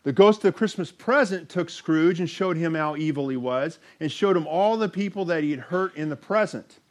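A man preaching a sermon, reading scripture aloud and telling a story with animated delivery. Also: a little high, normal speed.

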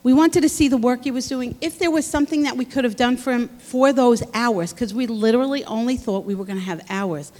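A woman's voice: a little high, fairly quick, hardly any pauses, mellow. A woman giving an earnest, encouraging testimony to a church congregation. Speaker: speaker at church. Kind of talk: sermon testimony. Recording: long hall reverb.

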